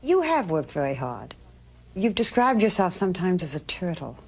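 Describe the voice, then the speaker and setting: A woman narrating a TV segment and asking measured, probing questions in an interview. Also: on the low side, sing-song, a little mellow, breathy edge.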